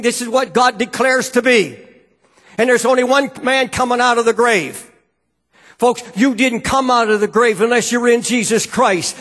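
A man with a strikingly high voice preaches with fervent emphasis, his words pressing hard on each point. His voice rings out with a long reverb trailing behind it, as if from a large church hall. The delivery is a full sermon, urgent and insistent. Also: fairly bright tone.

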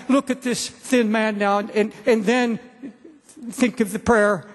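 A man in his seventies preaching an earnest sermon to a congregation, repeating phrases for emphasis. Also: high-pitched. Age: 70s. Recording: long hall reverb.

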